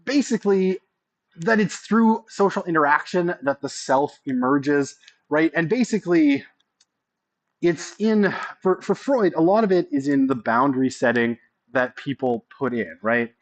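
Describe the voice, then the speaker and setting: A man's voice: fairly high pitch, animated, unhurried. A man giving a casual college sociology lecture, often checking in with the class by asking "right?".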